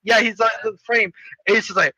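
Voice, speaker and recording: A young man casually recapping a movie plot with a friend, in a loose, jokey way full of "like" fillers and quick impressions. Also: sits high, fairly even intonation, bright, forceful tone, dry recording, highs cut off. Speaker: co-host summarizing a movie.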